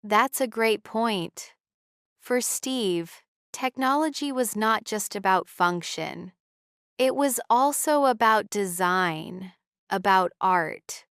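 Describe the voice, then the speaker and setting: A woman co-hosting an English-learning podcast, speaking slowly and carefully in a scripted dialogue. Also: medium pitch, animated, fairly bright tone, no echo, clean studio sound. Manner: slow, clear, carefully enunciated. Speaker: podcast co-host.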